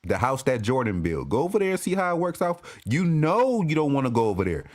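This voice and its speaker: A man ranting as a sports fan commentator, profane and animated, often restarting and repeating himself. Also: mid-range voice, fairly quick. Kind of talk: ranting vlog.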